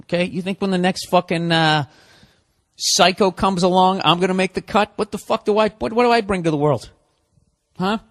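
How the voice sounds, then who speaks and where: A man's voice: sits high, normal speed, a bit bright, no echo, studio quality. Brief: exasperated male podcast host ranting with heavy profanity and sarcasm. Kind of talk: comedic rant.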